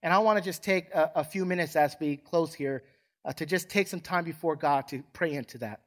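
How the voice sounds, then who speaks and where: Male pastor, sermon voice, a bit high-pitched, call-and-response preaching in a church. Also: brisk. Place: church sanctuary.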